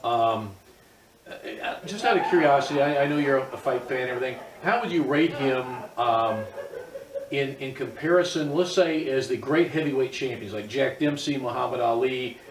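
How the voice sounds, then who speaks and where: A man interviewing a guest, asking questions in a halting way, restarting and filling pauses. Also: mid-range voice, background noise. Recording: roomy, distant mic.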